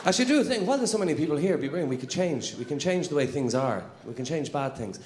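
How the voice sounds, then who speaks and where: A man's voice: fairly high pitch, animated, quick pace, a little mellow, roomy sound, some chatter behind. A man telling stand-up stories and mimicking people. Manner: conversational storytelling, mimics people. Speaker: stand-up comedian. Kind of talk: stand-up comedy.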